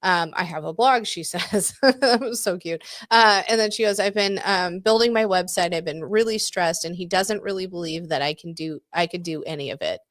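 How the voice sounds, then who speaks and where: A woman's voice: fairly low pitch, moderate pace, fairly bright tone, no echo, clean studio sound. A woman in her forties co-hosting a podcast, chatting candidly, swearing freely and laughing often. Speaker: podcast co-host. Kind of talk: casual chat.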